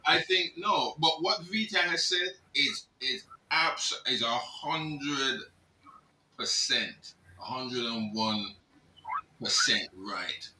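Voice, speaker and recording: A middle-aged man, a reverend, speaking as a panellist on a video call, reflective and halting. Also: medium pitch, lively intonation, sharp tone, a little hiss or hum. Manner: reflective, halting, with restarts and a chuckle. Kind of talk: panel discussion. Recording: roomy, distant from the mic.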